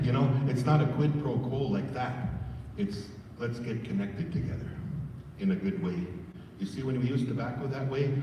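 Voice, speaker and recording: A man's voice: mid-range voice, a little hiss or hum. A man giving a folksy training talk to a room of staff, calling them folks. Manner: folksy, addresses the audience as folks. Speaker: presenter. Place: large room full of staff. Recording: roomy hall, far mic, dull.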